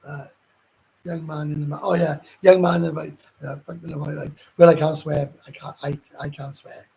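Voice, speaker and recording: A Welsh man with a gruff voice, hosting a casual live chat and answering viewer comments in a rambling, blunt way with frequent swearing. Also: on the high side, little pitch movement, brisk, dark tone, poor audio. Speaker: livestream host.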